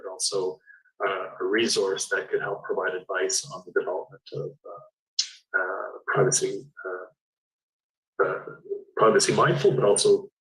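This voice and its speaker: A man speaking as a privacy regulator on a panel, halting, with many uhs and restarts. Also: on the low side, fairly bright tone, distant mic, low-quality recording. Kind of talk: panel discussion.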